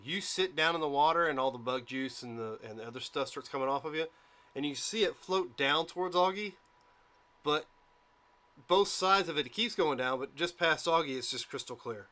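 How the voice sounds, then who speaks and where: A man runs a tabletop role-playing session as game master. His voice is bright and forward, and he talks in a relaxed, halting way, full of fillers as he describes the scene. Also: on the high side.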